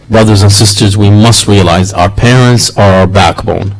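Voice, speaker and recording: A man's voice: fairly low pitch, normal speed, hardly any pauses, rough recording. Earnest male preacher, repetitive cadence. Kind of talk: sermon.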